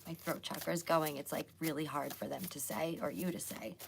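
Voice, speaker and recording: A woman hosting a casual live tarot reading, chatty and loose with lots of fillers, hoarse as she loses her voice. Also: deep voice, steady tone, a little fast, background noise. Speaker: psychic tarot reader hosting a live stream.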